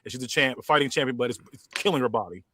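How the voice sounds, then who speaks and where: A man's voice: mid-range voice, rapid-fire, dry recording. A man hosting a podcast, chatting casually and narrating a made-up wrestling show. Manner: relaxed, chatty, many fillers. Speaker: podcast host. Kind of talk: casual chat and story narration.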